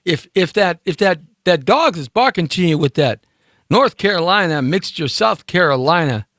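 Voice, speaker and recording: A man's voice: high-pitched, lively intonation, normal speed, fairly bright tone, dry recording, studio quality. A man hosting a live talk show in a casual, rambling, playful monologue, speaking directly to his listeners.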